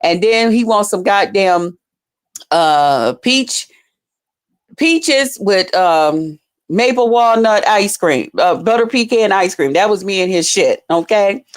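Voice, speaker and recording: A woman's voice: mid-range voice, slow. A woman telling a story to her viewers in a casual vlog, cursing freely and calling them y'all. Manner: profane, animated, addresses viewers as y'all. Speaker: YouTuber telling stories to viewers.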